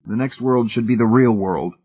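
A man voicing a decisive, commanding leader who speaks forcefully. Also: medium pitch, normal speed, slightly rough, voice pushed up, close to an everyday voice. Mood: assertive. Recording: tinny phone-like sound.

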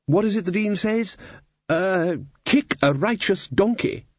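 A man's voice: high voice, expressive, measured pace, no room sound, muffled recording, pitched above the performer's own voice. A man voicing a blustering, muddled old male wizard leader.

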